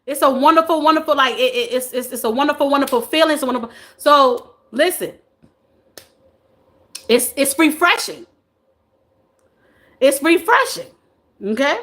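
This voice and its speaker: Bright high-voiced woman live-streaming. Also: animated, normal speed, pauses often. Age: 40s. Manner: playful, laughs often, teases viewers. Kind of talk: casual live chat reading comments.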